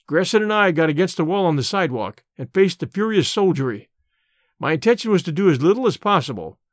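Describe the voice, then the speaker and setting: Dry, fairly high male audiobook narrator. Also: no echo. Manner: measured, storytelling.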